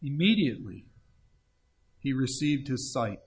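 A man's voice: mid-range voice, very animated, measured pace. A man preaching an evangelistic sermon, earnestly pleading and reading scripture aloud. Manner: earnest pleading, reads scripture aloud in old-fashioned wording.

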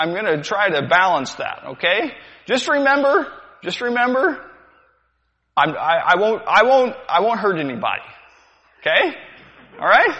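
High-voiced male preacher, lively delivery, rhetorical questions; dull lo-fi recording. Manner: rhetorical questions, repeats lines for effect. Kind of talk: sermon. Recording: dull sound, long hall reverb.

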